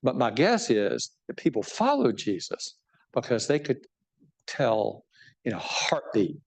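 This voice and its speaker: Chatty bishop, animated and digressive. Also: male voice, mid-range voice, a little slow, slightly rough. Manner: conversational, animated, many restarts and "right?" tags. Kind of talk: book talk with audience questions.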